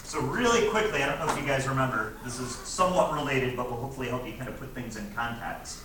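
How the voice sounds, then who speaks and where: A man's voice: mid-range voice, lively intonation, fast, far from the mic. Man teaching in an echoey classroom. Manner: conversational, checks in with frequent "right?". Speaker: physics teacher. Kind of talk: classroom lecture, reviewing test problems. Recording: echoey classroom, recorded from afar, noisy.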